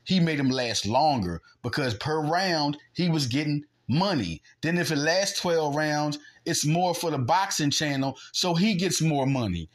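A man's voice: on the high side, animated, measured pace, hardly any pauses. A man hosting a podcast, talking in a heated, argumentative sports monologue and mimicking punches with sound effects. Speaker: podcast host. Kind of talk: animated sports commentary monologue.

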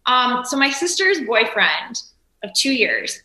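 A woman guest in casual interview chat, telling animated stories and acting out quotes. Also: a little high, takes it slowly, echoey room, poor audio. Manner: animated storytelling, acts out quotes. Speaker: guest, producer of a remote show.

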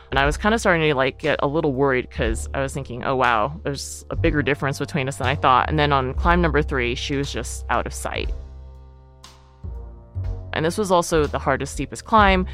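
A woman guest telling a personal story in a chatty way, laughing often and using a lot of "like". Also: deep voice.

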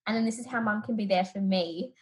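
A woman's voice: mid-range voice, fast, rough recording. A woman therapist with an Australian accent, talking through parenting ideas as a guest on a podcast interview and acting out scenes from her own home. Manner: reflective, animated when retelling stories.

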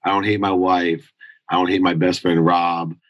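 A man's voice: low voice, little pitch movement, normal speed, no room sound, dull audio. A middle-aged man telling a candid life story in an interview, intense and confessional, acting out the people he quotes. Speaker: guest.

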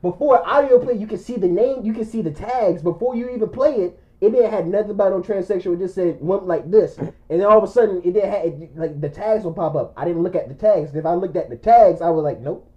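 A man's voice: sits high, fast talker, few pauses. A man telling a funny story in casual chat, laughing often and acting out the other people's lines as he goes. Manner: animated, laughing, acts out quoted lines. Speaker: podcast co-host. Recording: dull lo-fi recording.

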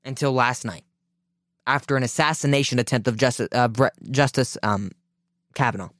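A man's voice: medium pitch, moderate pace, fairly bright tone, no echo. A man hosting a political radio show, delivering an indignant, emphatic commentary monologue with frequent restarts into a close mic.

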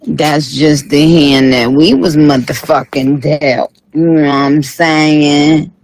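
A man's voice: on the high side, fairly even intonation, takes it slowly, darkish tone, a little hiss or hum, rough recording. A man doing a comic impression of a sassy, tired female rap star who reads live chat comments on a late-night stream, with a drawling, profane manner.

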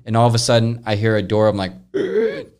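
A young man hosting a podcast, casually telling a long story, rambling and animated, with frequent swearing. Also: lowish voice, rapid-fire, clean tone. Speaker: podcast host.

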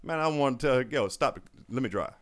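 A man's voice: medium pitch, lively intonation, racing. A man hosting a podcast, loose and joking in casual chat. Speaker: podcast host.

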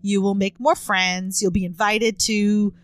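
A woman's voice: medium pitch, level tone, measured pace. A woman in her fifties co-hosting a podcast, explaining topics earnestly with a dryly playful streak. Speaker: podcast co-host. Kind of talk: casual chat.

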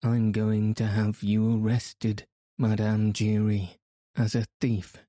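A man voicing a blunt, stern male opera manager who speaks roughly and accuses. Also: on the low side, completely flat delivery, slow, warm tone, no room sound, clean studio sound.

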